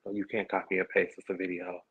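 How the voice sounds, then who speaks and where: Podcast host: sassy, chatty man, low voice, muffled lo-fi stream sound. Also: little pitch movement, fast, a bit bright, husky. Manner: sassy, chatty, slangy asides. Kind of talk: casual livestream chat. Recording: dull lo-fi stream audio.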